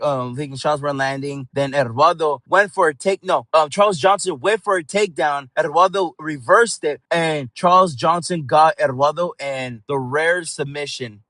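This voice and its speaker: A man's voice: on the high side, a bit bright, dry recording. A man giving a casual fight recap as a channel host, talking in a heated, profane, rambling way.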